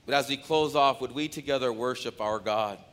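A pastor delivering an impassioned sermon to his congregation, his delivery swinging from loud declarations to hushed appeals. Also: medium pitch, brisk. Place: church sanctuary.

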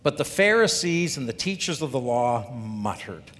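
A man's voice: very animated, moderate pace, fairly bright tone. A man preaching a sermon as a pastor, talking through scripture in a conversational way and asking the congregation rhetorical questions. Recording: long hall reverb, faint rumble.

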